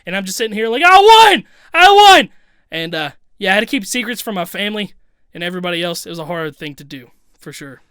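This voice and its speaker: A young man co-hosting a casual podcast, telling stories in an animated, excitable way and swearing freely. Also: high voice, fast, smooth, dry recording, studio quality. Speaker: podcast co-host and rapper. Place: home desk.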